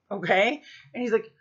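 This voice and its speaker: A woman's voice: on the high side, slightly rough. A woman in her thirties from the United States telling stories to her vlog camera, casual and profane, with lots of fillers. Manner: chatty, profane, full of fillers. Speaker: vlogger. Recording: slightly muffled lo-fi recording.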